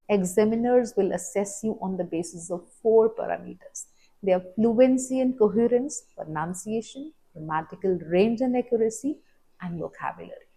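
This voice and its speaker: A woman's voice: mid-range voice, mellow, slightly rough, low-quality recording. A woman from India with an Indian English accent giving a firm, emphatic speaking lesson, listing her points one by one. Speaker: IELTS speaking teacher. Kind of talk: instructional talk to camera.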